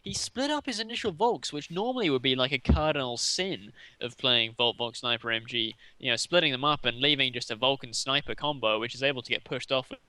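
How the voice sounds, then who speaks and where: A man's voice: medium pitch, fairly quick, few pauses, sharp tone, smooth, no echo, poor audio. A man co-casting a video game match, chatty and analytical, breaking down the play in casual commentary. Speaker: shoutcaster.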